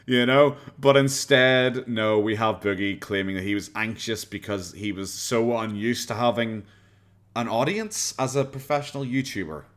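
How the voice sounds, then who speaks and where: A man's voice: fairly low pitch, normal speed, a bit bright. A man with an Irish accent, streaming and mocking a clip in sarcastic casual commentary, often laughing.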